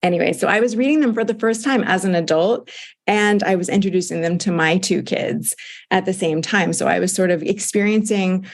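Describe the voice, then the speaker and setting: A woman's voice: mid-range voice, a little fast. A woman in her late forties from Florida, a film director telling candid, wry stories in an interview. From Jacksonville, Florida, USA. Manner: candid, wry, animated storytelling. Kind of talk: casual interview conversation.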